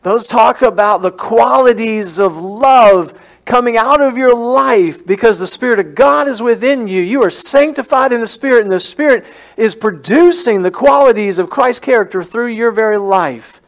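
Man, pastor, high-pitched, conversational sermon, repeats key phrases, quizzes the congregation. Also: normal speed. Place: church service.

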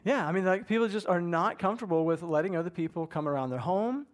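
A middle-aged man preaching a sermon, his voice sitting a little higher than most men's. He talks in a loose, conversational way, often slipping into the voices of people talking to themselves. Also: quick pace. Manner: conversational, animated, acts out inner voices. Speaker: pastor.

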